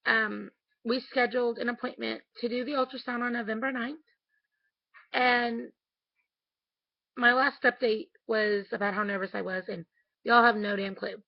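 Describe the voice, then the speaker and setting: A woman speaks straight into her camera at home late at night in a candid, emotional way, with the odd casual swear. Her voice is fairly high, gravelly and husky. It is close and dry but dull and lo-fi. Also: fairly even intonation, moderate pace, pauses often, no room sound. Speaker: vlogger. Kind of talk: casual video diary.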